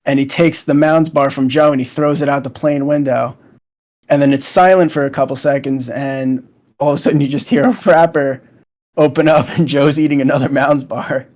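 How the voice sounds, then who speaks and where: A man's voice: mid-range voice, fairly even intonation, moderate pace, a little mellow. Young man casually recapping scenes. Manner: rambling, lots of fillers and "he's like". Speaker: show co-host. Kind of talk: casual retelling of show scenes.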